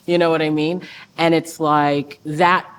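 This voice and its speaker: A woman's voice: low-pitched, little pitch movement, a little slow, slight background noise. A woman guest from the United States telling a personal story in an earnest, reflective way, repeating phrases for emphasis.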